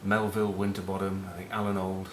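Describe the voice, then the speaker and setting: A fast, monotone, low-pitched man speaks in a roomy space over a noisy background. He is a middle-aged former rugby captain from northern England with a Northern English accent. He rambles through casual rugby chat, cheeky and sweary, full of match talk and anecdotes.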